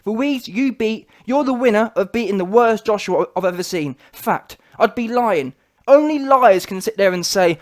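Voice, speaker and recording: Guy ranting about boxing, high-ish voice, super emphatic and repetitive. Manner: emphatic, repetitive, keeps saying "fact". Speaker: boxing reaction video host.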